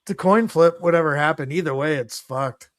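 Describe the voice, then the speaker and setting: A man's voice: on the high side, brisk, dry recording, clean studio sound. A man co-hosting a stream, asking wry questions in casual chat.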